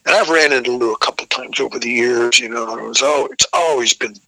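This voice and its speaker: Bright, dry-voiced older rock singer. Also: male voice, medium pitch, fast, creaky, no echo, rough recording. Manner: rambling anecdotal, frequent restarts, profane. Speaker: rock vocalist guest. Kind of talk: casual storytelling interview.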